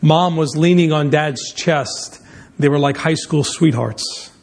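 A pastor preaching, opening with a lively illustrative story before turning to his sermon topic. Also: a little high, slow. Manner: animated storyteller, speeds up in tense moments.

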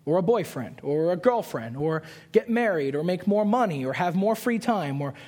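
Young man preaching with lively storytelling. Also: high voice. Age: 20s. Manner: storytelling with animated put-on voices and quick asides; earnest, repeats key lines for emphasis. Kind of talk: sermon.

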